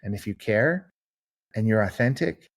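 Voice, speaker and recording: Interviewed on a podcast, an author tells stories earnestly in long conversational answers, mimicking the people he quotes. His voice is lowish with lively intonation, at a normal speed.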